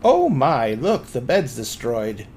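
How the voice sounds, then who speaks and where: A man voicing a blunt, wry young woman in a tabletop game, deadpan and swearing casually. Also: medium pitch, slow pace.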